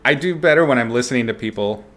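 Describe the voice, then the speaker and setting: A man's voice: medium pitch, expressive, fast talker, fairly bright tone. Laid-back man chatting on stream. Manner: chatty, laughs often, reads and answers chat. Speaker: streamer chatting with viewers while painting. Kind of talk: casual livestream chat.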